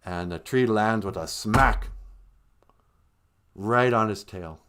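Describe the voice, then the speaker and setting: A man's voice: lowish voice, measured pace, pauses often, a bit bright, clear, resonant tone. A man telling a traditional story on a live-streamed podcast in a casual, conversational way, laughing often.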